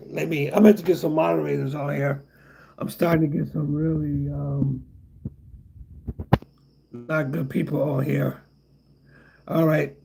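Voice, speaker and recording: A man's voice: on the high side, gravelly, mellow, husky. A middle-aged man hosting a casual livestream, rambling and repeating himself while answering chat comments. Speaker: livestream host.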